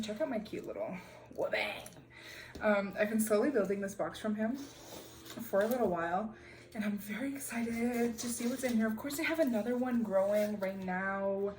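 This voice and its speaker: A woman's voice: mid-range voice, a little mellow, a little hiss or hum, low-quality recording. A young woman chatting casually at home as she unboxes crystals, bubbly and full of fillers. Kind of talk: casual chat. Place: room at home.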